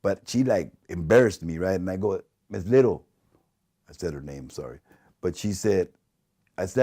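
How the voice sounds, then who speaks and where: A man's voice: sits low, normal speed. A middle-aged man telling stories in an interview, acting out what people said and laughing often. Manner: animated, acts out quoted dialogue, laughs often. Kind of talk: casual storytelling interview.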